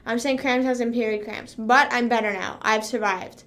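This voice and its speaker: Chatting casually as a livestream host, a young woman rambles in a bubbly way, leaning heavily on "like" and bursting into song now and then. She speaks at a moderate pace, her voice on the high side, a bit bright, with fairly even intonation.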